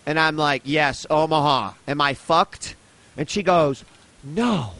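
A man's voice: fairly high pitch, slow pace, sharp tone. A man, telling a rambling, profane travel story on a casual podcast. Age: 30s.

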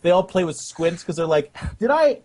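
A man chatting casually about a strategy game, animated and swearing often, acting out silly voices. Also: fairly high pitch, a little fast, slightly rough. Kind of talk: casual gaming chat.

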